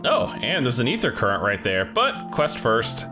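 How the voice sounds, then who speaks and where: A man hosting a let's play, chatting excitedly while he plays. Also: medium pitch, moderate pace. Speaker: gaming channel host. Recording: game music behind.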